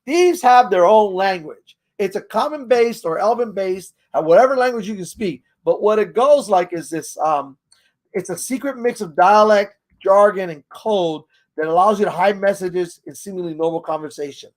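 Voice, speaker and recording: Walking viewers through a tabletop game's rules in a relaxed tutorial, this host rambles, laughs often and trails off mid-search. He has a high voice and speaks at a moderate pace.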